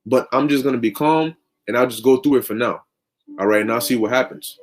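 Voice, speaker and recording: A man's voice: mid-range voice, a little fast. A man preaching through a long story in casual, slangy, conversational talk. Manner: conversational, lots of fillers and restarts, slang.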